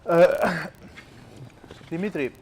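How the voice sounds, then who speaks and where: A man's voice: fairly high pitch, lively intonation, extremely slow, darkish tone, a little hiss or hum. A male talk show host asking questions in broken, non-native English. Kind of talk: interview questions.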